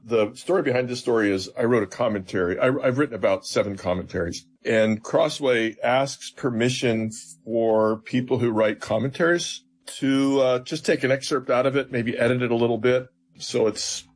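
A man's voice: medium pitch, moderate pace, hardly any pauses. A man, a seminary professor, explaining scripture as an interview guest in an earnest, teacherly way with emphatic retellings.

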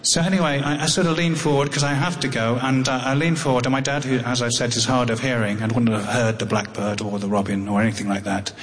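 A man's voice: medium pitch, fairly even intonation. Wry English man in a reverberant hall. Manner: halting, wry, with many restarts. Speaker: storyteller on tour. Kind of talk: live spoken storytelling. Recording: long hall reverb, faint noise.

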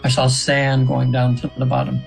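A man's voice: medium pitch, completely flat delivery, moderate pace, gravelly, faint music behind, rough recording. A man in his seventies, a radio show guest, telling a long personal story in a rambling way, with many restarts and fillers. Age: 70s. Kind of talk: casual storytelling interview.

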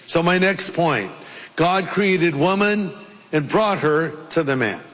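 A man's voice: on the high side, expressive, slow, a bit bright, in a large hall. A man preaching a sermon as pastor, explaining scripture with playful asides. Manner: jokey, puts on playful accents.

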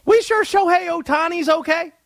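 A sports radio host putting on a loud Cajun conspiracy fan, jumping all over in a high, lively voice. He rants with wild energy. The studio sound is dry. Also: a little fast, no echo, heavily acted. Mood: excitable.

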